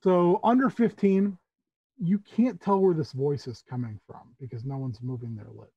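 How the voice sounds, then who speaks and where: A man narrating a tabletop game as game master in a measured, descriptive way. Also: on the high side, steady tone, slightly rough, no echo, muffled recording.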